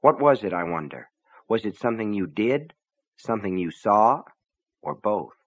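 Give me a sinister shopkeeper speaking low and comfortably, as a man reads him. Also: very animated, moderate pace, no echo, dull audio. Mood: menacing. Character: sinister smooth-talking old male shopkeeper.

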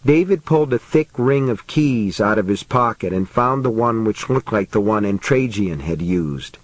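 A man narrating an audiobook in a steady, measured reading voice. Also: on the low side, no echo, rough recording.

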